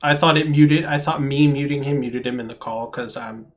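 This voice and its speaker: A man's voice: medium pitch, normal speed. A man acting as game master, narrating a tabletop game over voice chat with frequent ums and restarts.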